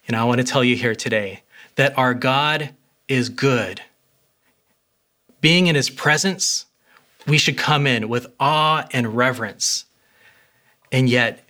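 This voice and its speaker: A man's voice: mid-range voice, takes it slowly, long pauses, pushed and bright. A man preaching a sermon as pastor, earnest and conversational, with a few fillers.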